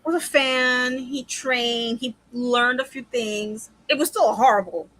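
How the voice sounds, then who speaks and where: A woman co-hosting a wrestling chat show, talking in an animated, emphatic way. Her voice is bright and fairly high, with forceful emphasis. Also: low-quality recording. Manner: animated, emphatic, quick to agree. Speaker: podcast co-host.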